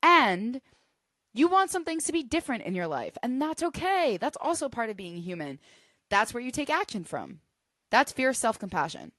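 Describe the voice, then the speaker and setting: A woman hosting a solo podcast, teaching in an earnest, emphatic way that builds to forceful bursts. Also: fairly high pitch, big pitch swings, normal speed, no echo, studio quality. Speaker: podcast host.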